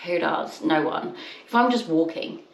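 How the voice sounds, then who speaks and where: A woman chatting casually in a haul vlog, rambling with quick asides. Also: sits low, animated, gravelly, distant mic. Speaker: haul vlogger. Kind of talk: casual chat. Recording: echoey room, mic set back.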